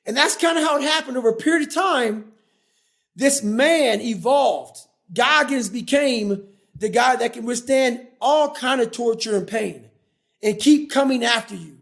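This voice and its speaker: A man in his forties tells a story as a podcast guest, driving hard on every point and swearing freely. His voice sits very high for a man, with a gravelly, rough edge. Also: measured pace, a bit bright. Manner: intense, profane, emphatic. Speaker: guest, former Navy SEAL and endurance athlete.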